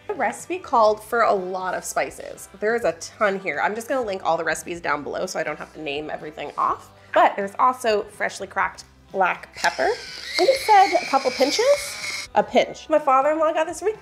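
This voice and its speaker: A woman's voice: mid-range voice, sing-song, normal speed, a bit bright, soft background music. A woman hosting a home baking video, chatting along in an upbeat, thinking-aloud way in her kitchen. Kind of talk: casual baking vlog chat.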